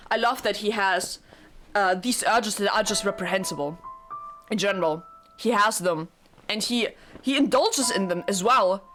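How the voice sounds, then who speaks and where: A young woman giving casual, rambling let's-play commentary, excitable and full of swearing. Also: on the low side. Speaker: gaming YouTuber.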